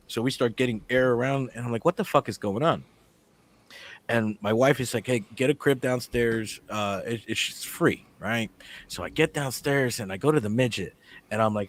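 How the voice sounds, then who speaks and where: A man telling a story in casual chat, swearing freely and acting out the dialogue with lively energy. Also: mid-range voice. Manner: animated, profane, acts out the dialogue. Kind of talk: casual storytelling among friends.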